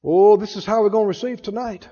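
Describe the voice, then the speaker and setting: A man preaches a sermon in a strikingly high, mellow voice, leaning on emphatic call-and-response. He talks fast, and his tone is slightly rough. The lo-fi recording sounds dull, with a long hall reverb lingering after each phrase.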